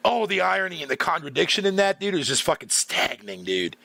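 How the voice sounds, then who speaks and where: Middle-aged male streamer, profane exasperated rant, bright tense tone, dry close sound. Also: a little high, very animated, quick pace, gravelly, dry recording. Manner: profane, exasperated, laughs often, filler-heavy. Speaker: gaming streamer. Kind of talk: ranting casual commentary.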